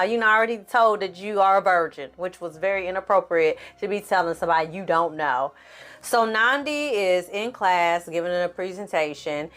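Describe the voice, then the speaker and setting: A woman hosting a casual TV recap, talking straight to her viewers with slang and cursing and quickly acting out the characters' lines. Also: medium pitch, fairly bright tone. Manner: acts out the characters' lines in quick put-on voices. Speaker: film and TV recap host.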